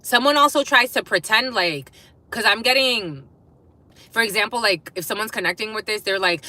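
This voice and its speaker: With a medium-pitched, sharp-toned voice and no room sound, a woman delivers a collective spiritual reading at a moderate pace. The tarot reader is blunt and profane, breaking off with laughing asides as messages come through.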